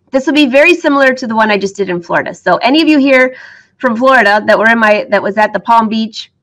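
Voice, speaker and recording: A middle-aged woman who teaches sewing talks to her viewers in a medium-pitched, slightly bright voice. She's got the hiccups and is trying to beat them, laughing frequently through the upbeat, casual chat.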